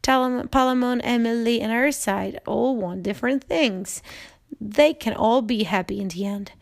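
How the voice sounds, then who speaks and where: A woman's voice: fairly high pitch, moderate pace, vocal fry. A woman reading the lines of a worried, commanding goddess in a storybook reading, with a small slip.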